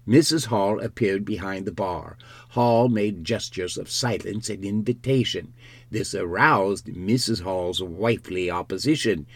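Slow, low-voiced male audiobook narrator. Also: no echo. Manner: measured, unhurried storytelling. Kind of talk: scripted narration of a classic novel.

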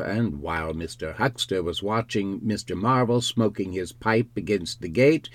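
A man narrating a classic novel in a measured, unhurried storytelling manner. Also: lowish voice, dry recording. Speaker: audiobook narrator.

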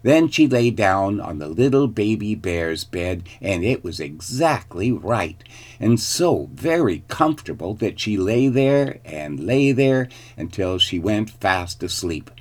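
A man narrates a children's fairy tale, taking his time over each line. His voice sits low and his delivery is slow and deliberate. He reads with clear, storybook expression. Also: sing-song. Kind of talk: storybook reading.

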